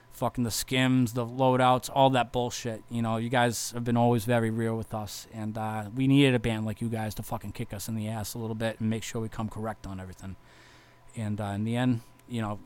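Young male metal bassist from Massachusetts, casual, swears constantly, rambling and sincere. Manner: profane, rambling, heartfelt, lots of fillers. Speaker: touring metal bass player. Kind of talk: casual vlog thank-you message.

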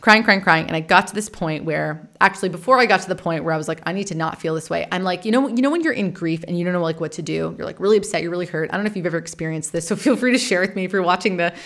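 A woman in her thirties hosting a podcast, telling a personal story in a frank, animated way, swearing casually and laughing often. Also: fairly low pitch, racing, hardly any pauses. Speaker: podcast host and meditation teacher.

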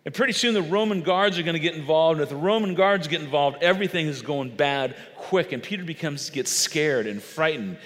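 A male pastor preaching an animated storytelling sermon, emphatic and dramatic. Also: on the high side, a little fast, few pauses, in a large hall. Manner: animated, emphatic, acts out quotes.

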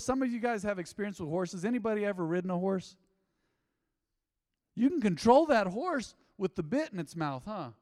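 A man preaching a sermon to his congregation in a conversational way, with joking asides, moving from quiet low remarks to loud emphatic reading. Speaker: pastor. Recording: long hall reverb.

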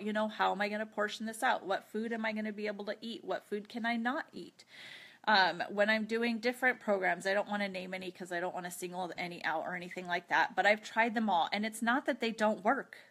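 Woman, podcast host, earnest, confessional, chatty, teary, mid pitch. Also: fairly quick, fairly bright tone. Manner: earnest, open, chatty with light laughs. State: teary after crying. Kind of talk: personal confessional talk with prayer.

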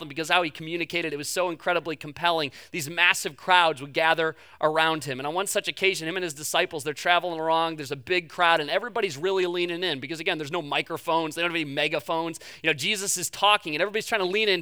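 A man preaching a sermon as pastor, stumbling over repeated words, rushing through asides and slowing down to drive points home. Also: high voice, pushed and bright, no echo, studio quality. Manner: repeats words in quick restarts; swings between fast asides and slow emphatic lines.

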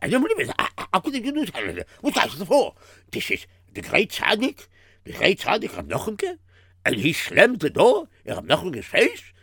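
A man plays an excitable, stammering bystander in a story drama, his high voice swinging wildly up and down. The tone is bright with a gravelly edge, and the sound is dry and close. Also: normal speed, no echo, full character voice. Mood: indignant. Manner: stammering, exclaiming in disbelief. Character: excitable male bystander, indignant gossip.

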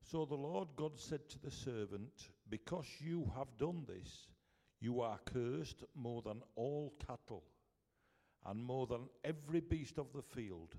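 A man with a Yorkshire accent reading scripture aloud, slowly and deliberately. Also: mid-range voice, lively intonation, gravelly, mellow. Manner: slow and deliberate. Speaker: scripture reader. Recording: echoey hall from far off.

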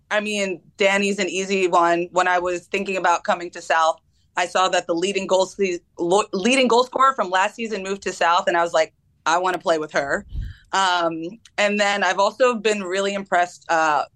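A woman's voice: medium pitch, normal speed, fairly bright tone. A young woman footballer from the United States answering interview questions casually, with frequent ums and laughs. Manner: laughs often, many ums. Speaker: guest footballer.

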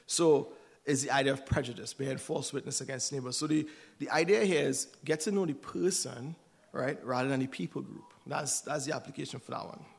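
A man's voice: mid-range voice, fairly quick, vocal fry, breathy edge. A man giving a sermon in a conversational way, often checking in with "right?". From United States. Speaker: church speaker.

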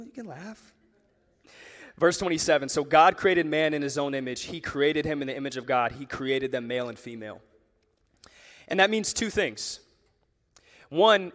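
A man preaching to a church audience in a lively, conversational way. His voice sits a little high, and he keeps firing off rhetorical questions. The long reverb of a large hall trails behind every phrase. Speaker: pastor. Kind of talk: sermon.

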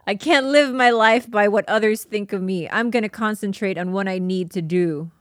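A woman's voice: mid-range voice, moderate pace, dry recording. Woman reading a diary aloud, dry mic. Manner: emotional, laughing and tearing up while reading. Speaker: podcast host.

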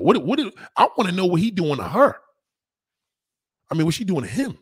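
A man in a blunt, crude, rambling monologue, talking fast and casually. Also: high-pitched, big pitch swings, husky, dry recording, studio quality.

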